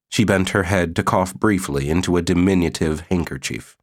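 Low-voiced man reading a novel. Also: moderate pace, few pauses. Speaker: audiobook narrator. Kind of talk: scripted narration.

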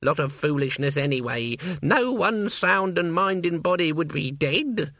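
A frail old witch woman, as a man reads her, brisk and fussy in a matter-of-fact way. Her voice rides high and swings widely, with a bright, sharp edge. The sound is dry and close. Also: lively intonation, no echo. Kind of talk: audiobook character voice.

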